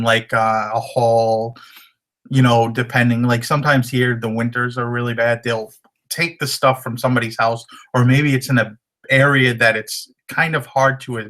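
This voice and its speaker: A man with a slightly hoarse voice giving casual resale tips, rambling loosely and using many fillers. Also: mid-range voice, a bit bright. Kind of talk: casual how-to talk.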